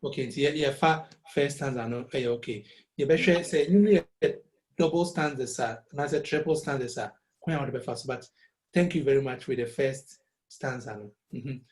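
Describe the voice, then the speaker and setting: In an echoey room, a man with a Ghanaian accent and a mid-range voice teaches a music lesson at a moderate pace. He mixes Twi and English, patiently repeating words syllable by syllable.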